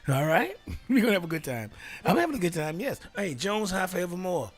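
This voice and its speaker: A man on the radio hosts an informal solo talk show in a high, sing-song, fairly quick voice. He reads aloud, jokes, laughs often, and breaks off into whispers.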